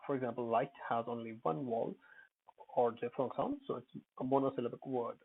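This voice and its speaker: A man's voice: medium pitch, steady tone, fairly quick, gravelly, slight background noise. A man teaching English pronunciation in an unscripted lesson, hesitant, with many fillers and self-corrections. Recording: tinny phone-like audio.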